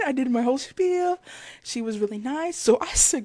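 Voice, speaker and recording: A woman's voice: high voice, quick pace, no room sound. Chatty young woman podcaster, dry sound. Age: 20s. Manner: chatty, retells stories with lively quoted voices. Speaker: podcast host. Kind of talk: casual solo podcast chat. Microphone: headphones with mic.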